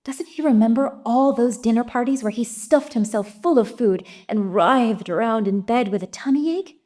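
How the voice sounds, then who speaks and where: A woman's voice: a little high, moderate pace, dark tone, close to an everyday voice. A woman doing an icy, exasperated poodle wife. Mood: snarling. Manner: tart and sarcastic.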